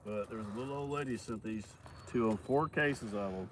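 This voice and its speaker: Plain-spoken Arkansas farmer, noisy outdoors. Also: male voice, fairly low pitch, brisk. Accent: Arkansas Southern. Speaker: cattle farmer vlogger. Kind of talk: casual livestream chat. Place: outdoors on a farm near cattle.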